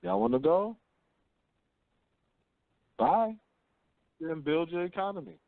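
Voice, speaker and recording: A man's voice: sits high, animated, slow, creaky, dry recording. A man hosting a call-in talk radio show, telling blunt, slangy stories and asking rhetorical questions. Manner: blunt, slangy storytelling, often asks "you see what I'm saying?". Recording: tinny phone line.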